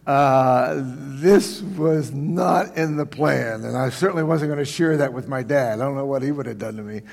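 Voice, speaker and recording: A man delivering a sermon, his voice sitting a little high and carrying through a church sanctuary with a long reverb tail. He tells stories in a folksy, animated way, stumbling and restarting as he goes. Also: creaky. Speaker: pastor. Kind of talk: sermon with storytelling.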